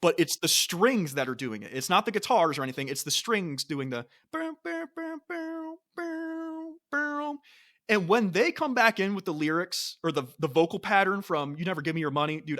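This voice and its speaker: A man's voice: fairly high pitch, fairly bright tone. A man co-hosting a music podcast in casual chat, enthusiastic, singing and beatboxing bits of songs as he talks. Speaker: podcast co-host.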